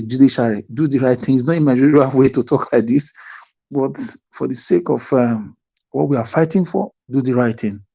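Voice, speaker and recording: A Nigerian man speaks fervently in an online discussion, preaching and repeating phrases for emphasis. His mid-range voice is darkish with a breathy edge, and the high frequencies are cut off in this impassioned talk.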